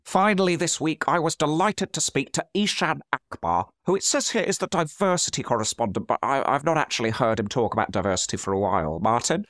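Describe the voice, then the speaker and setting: A man's voice: medium pitch, brisk, few pauses, a bit bright, dry recording, studio quality, close to an everyday voice. A man playing an earnest middle-aged politician, stiff and awkward, who fumbles his apologies. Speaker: stand-in host. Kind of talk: satirical comic chat.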